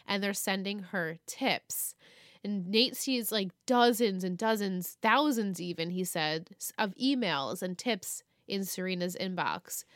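A woman's voice: medium pitch, fairly bright tone, clean tone, dry recording, clean studio sound. A woman podcast co-host chattily recapping a TV episode, acting out the characters' lines as she tells it.

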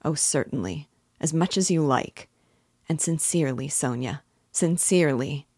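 A woman's voice: sits low, moderate pace, darkish tone, breathy edge, no room sound, clean studio sound. Woman reading as a feverish, agitated young man. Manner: restless, incoherent, self-mocking. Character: agitated young male student, feverish, bitter.

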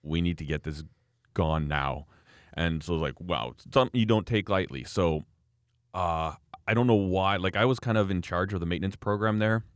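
Man in his thirties, casual chat, animated storytelling, laughs a lot, deep voice. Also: moderate pace, clean tone, no echo, clean studio sound.

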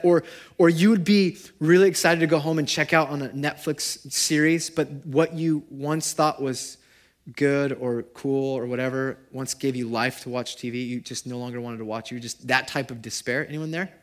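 A pastor with a slightly high voice preaches at a church gathering in a casual manner. He swings between loud, animated stretches and hushed, quiet moments.

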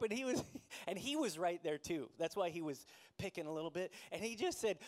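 A man with a notably high voice preaching a sermon. He tells a personal story in a relaxed, conversational way and often laughs at himself. He sounds like a pastor in his forties. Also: a little fast, hardly any pauses, slight background noise.

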